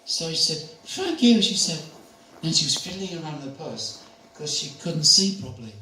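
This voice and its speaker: A man's voice: fairly high pitch, expressive, moderate pace, sharp tone. Older man telling a chatty spiritual story. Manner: chatty, laughing, anecdotal. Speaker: spiritual speaker. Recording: echoey room, distant mic, faint noise.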